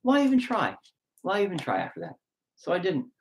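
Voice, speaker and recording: A man's voice: high voice, wildly swooping pitch, a little fast, a little hiss or hum. A man who is a musician and lyricist, talking in a rambling, candid personal monologue and swearing freely.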